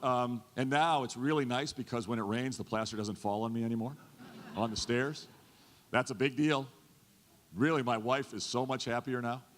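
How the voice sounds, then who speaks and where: A man in his fifties, a state governor, giving an earnest, folksy stump speech that often repeats itself. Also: medium pitch. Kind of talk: stump speech to a chamber audience. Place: large event hall. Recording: long hall reverb.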